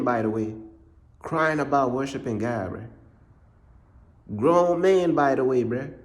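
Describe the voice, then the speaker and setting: Blunt man preaching in slang. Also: on the high side. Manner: blunt, repetitive, street slang. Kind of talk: casual preaching monologue.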